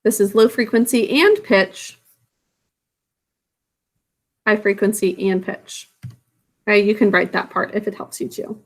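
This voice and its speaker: A woman's voice: medium pitch, measured pace, long pauses. A woman teacher explaining a science lesson in a casual, self-correcting way to young students. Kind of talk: recorded classroom lesson.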